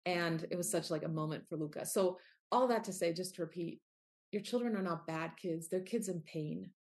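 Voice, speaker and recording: With a fairly low, steady, darkish voice at a moderate pace, a middle-aged author talks as a guest in a candid interview conversation. She's earnest and speaks from the heart, including quoted asides.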